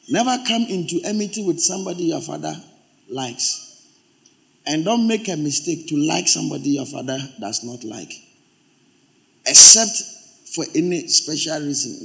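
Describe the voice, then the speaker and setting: A man's voice: fairly high pitch, vocal fry. A male pastor preaching a sermon, emphatic and repeating his exhortations.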